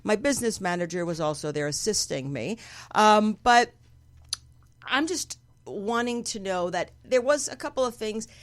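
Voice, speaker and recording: A woman hosting a podcast in a casual chat, talking with a slightly gravelly voice, laughing easily and poking fun at herself. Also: medium pitch, expressive, normal speed. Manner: chatty, laughing, self-deprecating. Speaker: podcast host.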